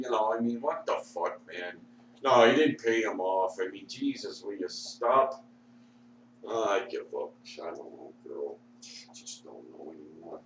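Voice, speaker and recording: A man mutters and swears through a rambling rant, slow and low-pitched. He sounds sore and strained. The recording catches him from across an echoey room over a faint hum. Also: expressive, far from the mic. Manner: profane, muttering and grumbling. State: sore, struggling to talk. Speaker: vlogger.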